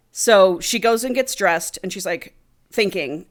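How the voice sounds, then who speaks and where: A woman's voice: mid-range voice, unhurried. Chatty swearing woman podcast host. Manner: swears freely, retells animatedly with "he's like". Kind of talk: casual book-club chat, retelling a plot.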